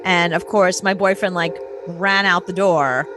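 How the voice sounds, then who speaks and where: A woman's voice: fairly low pitch, steady tone, unhurried, music in the background. A woman co-hosting a casual talk show, telling candid personal stories and laughing often. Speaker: co-host. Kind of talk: casual chat.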